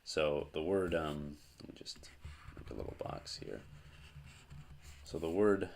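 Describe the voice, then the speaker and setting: A man teaching a language lesson at a board, explaining slowly with pauses and restarts. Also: rumbling low, big pitch swings, gravelly, slight background noise. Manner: slow, halting explanations with fillers and restarts. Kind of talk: whiteboard lesson.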